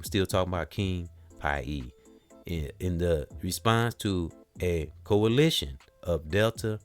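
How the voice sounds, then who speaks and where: A man hosting a casual talk, reading notes aloud haltingly, spelling out names letter by letter and stumbling over words. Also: low voice. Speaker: host.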